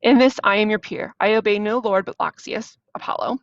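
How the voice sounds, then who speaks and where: A woman's voice: mid-range voice, fairly even intonation, fairly quick, no echo, lightly acted. A woman reading as a stern old blind prophet. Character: old blind male prophet, weary and defiant. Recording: dull, dry lo-fi recording.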